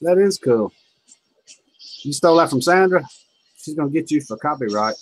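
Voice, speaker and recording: A husky-voiced man from Kentucky with a drawl, chatting on a livestream in a folksy, storytelling way. The sound is dry and close, with no room around it. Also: fairly high pitch, animated, normal speed, no room sound, rough recording. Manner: folksy storyteller, chuckling often. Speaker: livestream host. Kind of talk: casual chat.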